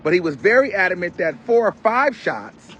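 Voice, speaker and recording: A man giving a casual, animated commentary, retelling events dramatically and with loud exclamations. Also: sits high, normal speed, muffled recording, slight background noise. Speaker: commentary host.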